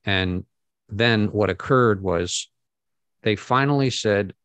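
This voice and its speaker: A middle-aged man, a guest speaker, earnestly telling a personal story to an audience, halting often with fillers and restarts. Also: on the low side, a bit bright, dry recording.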